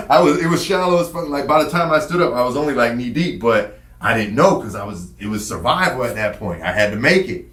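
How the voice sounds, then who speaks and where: A man tells a personal story in a casual, animated, profane way. His voice sits at a middle pitch. The room around him is echoey. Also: fairly quick. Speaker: podcast guest telling his story.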